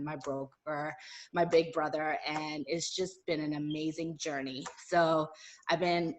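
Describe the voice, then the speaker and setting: A woman speaking as a guest at a live talk, telling a personal story in a chatty, animated way with lots of fillers. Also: low voice, a little hiss or hum.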